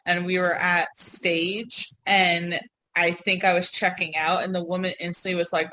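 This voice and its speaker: A woman's voice: on the low side, flat delivery, normal speed, pushed and bright, rough recording. A woman with a New York accent co-hosting a casual podcast, telling rambling stories with frequent laughs and apologetic asides. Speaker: co-host.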